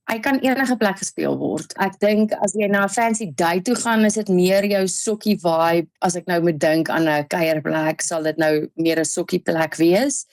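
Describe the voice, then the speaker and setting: A woman's voice: lowish voice, normal speed, no room sound. A young South African woman with a South African accent, a singer chatting as a radio guest, giggly with lots of fillers and restarts. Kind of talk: radio interview. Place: radio studio.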